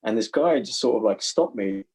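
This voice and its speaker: A man's voice: fairly low pitch, expressive, brisk, mellow, husky, poor audio. A man, an actor guest on a podcast, telling laid-back anecdotes with chuckles. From London. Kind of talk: casual podcast storytelling.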